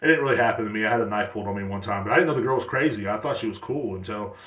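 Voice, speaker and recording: A man's voice: lowish voice, rapid-fire, fairly bright tone, echoey room, far from the mic. A man in his thirties hosting a casual solo podcast, rambling and blunt, with lots of swearing. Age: 30s. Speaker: podcast host.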